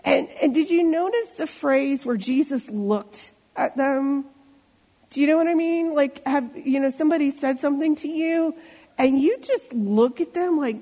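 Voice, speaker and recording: A middle-aged woman pastor preaching in a chatty, conversational way, turning to ask her listeners questions as she goes. Her voice sits a touch high for a woman and carries a long church reverb that trails after each phrase. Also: measured pace, warm tone. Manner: conversational, asks the congregation questions. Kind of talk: sermon. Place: church sanctuary.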